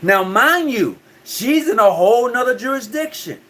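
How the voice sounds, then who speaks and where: A man's voice: extremely high pitch, expressive, moderate pace, a bit bright. A man hosting a call-in talk show, talking loosely and often repeating his words.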